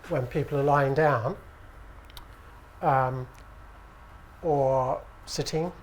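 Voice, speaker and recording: British man, acupuncture lecture, relaxed conversational delivery, handheld mic, faint room hum. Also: mid-range voice, extremely slow. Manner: relaxed, conversational, asks the audience for agreement. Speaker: acupuncture teacher. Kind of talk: conference lecture. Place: conference room with audience. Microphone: handheld microphone.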